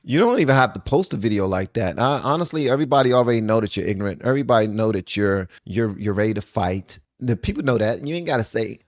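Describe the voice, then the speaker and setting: A man's voice: on the low side, lively intonation, fast talker, few pauses. A man hosting a reaction commentary show, talking into a desk microphone and often repeating himself. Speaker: channel host.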